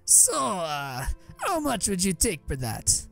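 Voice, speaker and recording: A man's voice: high voice, huge pitch swings, slow, gravelly, fairly bright tone, faint music behind, voice pushed up, exaggerated voice. A man voicing a greedy, nosy male alien junk dealer in a wheedling tone. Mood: scheming.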